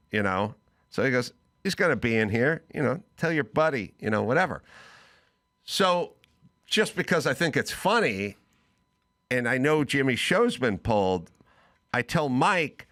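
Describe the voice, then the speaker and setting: A man's voice: mid-range voice, normal speed. A middle-aged man hosting a talk show, telling a casual story and acting out both sides of a phone call. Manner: animated, voices both sides of a phone call in quoted bits. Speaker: podcast host.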